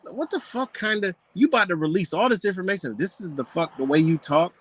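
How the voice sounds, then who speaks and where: Brisk and expressive, a high-pitched man mocks what he reads from a book in a scornful, profane rant, throwing out rhetorical questions as he reacts.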